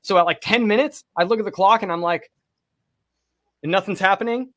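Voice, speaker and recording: A podcast co-host, a man whose voice sits a little higher than most. He tells a personal story casually, with plenty of swearing and colorful detail. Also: fast talker. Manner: profane, vivid, animated storytelling.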